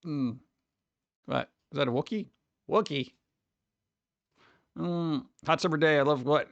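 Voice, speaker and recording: A man with a somewhat high voice and vocal fry chats with his stream viewers in a laid-back, rambling way, calling everyone "dude," at a slightly slow pace. The audio is dull with no echo.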